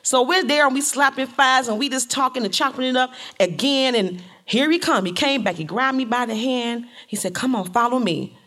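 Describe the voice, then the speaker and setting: A middle-aged woman from Detroit telling a personal story to an audience in a lively, colloquial way. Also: a little high.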